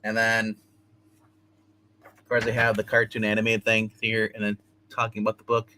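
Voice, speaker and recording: A man's voice: lowish voice, monotone, moderate pace, pushed and bright, slight background noise. Casual man recapping comic plots. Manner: loose, rambling retelling with many restarts. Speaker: comic book reviewer. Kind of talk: casual solo comic review, retelling plots.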